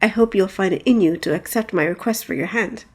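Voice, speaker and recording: A woman's voice: medium pitch, a little fast, darkish tone, natural voice. A woman playing a boastful young knight. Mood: gallant. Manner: grand, declaiming speech.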